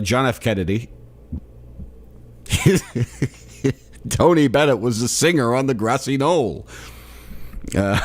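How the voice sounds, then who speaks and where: A tired man with a medium-pitched, slightly mellow voice hosts a solo comedy podcast. He riffs sarcastically on a news article and laughs at his own jokes.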